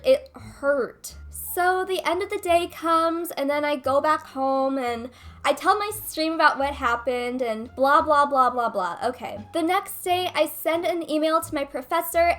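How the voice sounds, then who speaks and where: A woman's voice: high-pitched, fairly bright tone. A young woman vlogger retelling a personal story in a chatty, casual way with lots of fillers. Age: young adult. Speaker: gaming vlogger.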